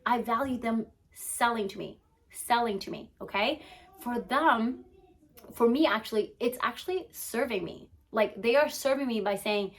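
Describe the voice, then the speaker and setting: A young adult woman, a business and mindset coach, giving an energetic motivational talk to camera, peppered with "like" and asking "okay?" as she goes. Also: a little high, moderate pace. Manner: energetic, emphatic, frequent "like" and "okay?" check-ins.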